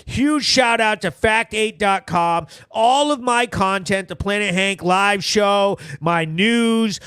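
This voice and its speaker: A man's voice: sits high, sharp tone, smooth, no echo, clean studio sound. A man hosting a live local news recap show, reading viewer comments aloud in a brash, joking, slangy way that sometimes turns sing-song. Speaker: host.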